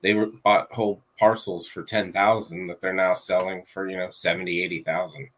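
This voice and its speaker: A man with a fairly low voice chats on a podcast as a real estate agent. He sounds relaxed and matter-of-fact, with the odd "um" as he explains his work. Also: fairly quick. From Florida. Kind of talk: casual podcast chat.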